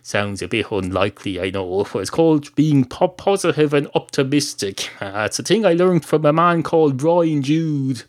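An Irish man voicing a calm, reasonable male dog chatting at a bar in a comedy monologue. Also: fairly high pitch, moderate pace, hardly any pauses, lightly acted. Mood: mild, reasonable.

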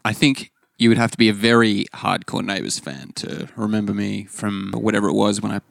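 A low, gravelly man talks as a podcast guest. He tells wry, rambling stories and swears casually. The sound is dry and close. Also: fairly quick, no echo. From Australia. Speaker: guest, psychologist and actor. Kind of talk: casual interview chat.

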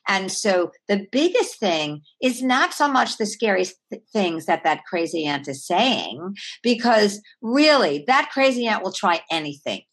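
A woman author, a guest on an interview, who explains her ideas earnestly, with wide swings in pitch and loudness. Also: big pitch swings, measured pace, few pauses, slightly rough. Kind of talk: conversational interview.

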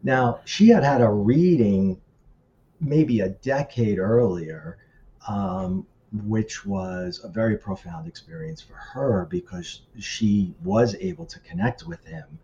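A man casually telling a personal story as a guest, animated and acting out the voices of people he quotes. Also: slow pace, lo-fi sound, a little hiss or hum. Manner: animated, acts out quoted voices with pitch shifts.

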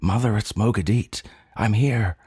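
A man's voice: fairly low pitch, unhurried, mellow, husky, dry recording, studio quality, pitched above the performer's own voice. Man doing a small pleading alien cub. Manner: pleading, whimpering child voice. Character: small furry alien boy cub, eager and frightened. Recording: music playing behind.

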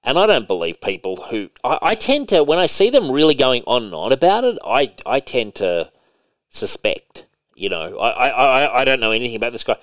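A man's voice: mid-range voice, big pitch swings, normal speed, fairly bright tone, no echo. A man co-hosting a casual podcast chat, rambling with lots of fillers and restarts and swearing freely. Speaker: podcast co-host.

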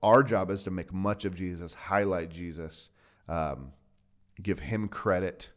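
Low-voiced man co-hosting a faith chat. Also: a little slow. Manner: earnest, laughs readily, trails off and restarts. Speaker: podcast co-host. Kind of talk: casual chat.

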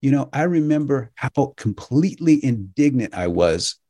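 A man's voice: mid-range voice, sing-song, moderate pace, dark tone, dry recording, clean studio sound. A middle-aged man hosting a radio show, talking casually and with indignation, often tossing in "right?". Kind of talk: casual monologue.

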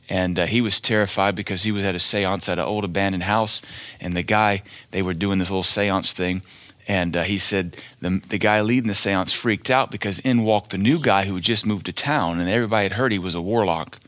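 A man's voice: fairly low pitch, fairly even intonation, a little fast, a bit bright, no echo. A male preacher giving a fiery sermon, blunt and scornful, hammering each point with emphatic declarations.

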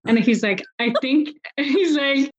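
A guest in her forties shares a personal story during a conversational interview, quoting dialogue and sounding emotional. Her voice sits high and moves slowly, and the recording has its highs cut off.

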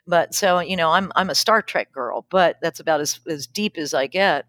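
A woman's voice: fairly low pitch, normal speed, a bit bright, no echo. A woman pastor and podcast guest, speaking in an emphatic, reflective way and laughing easily. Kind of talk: casual conversational interview.

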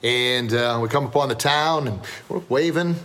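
A man's voice: medium pitch, moderate pace, fairly bright tone. A man in his fifties hosting a podcast as a martial arts instructor, telling stories in a joking, self-deprecating, folksy way. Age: 50s. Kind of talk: casual storytelling podcast.

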